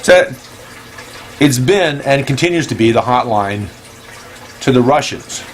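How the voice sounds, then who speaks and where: A man's voice: mid-range voice, lively intonation, a little slow. Rambling male host with faint background hiss. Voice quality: hesitant, full of ums and restarts. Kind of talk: casual rambling comedy monologue.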